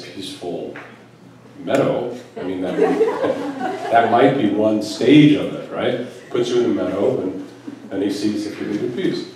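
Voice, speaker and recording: A low-voiced man gives a spiritual talk, telling stories and chuckling now and then. His tone is mellow and unhurried. He is recorded from a distance in a large, echoing hall, with faint room noise underneath. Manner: storytelling, musing, chuckling often. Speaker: Sufi teacher. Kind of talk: spiritual talk to a live gathering.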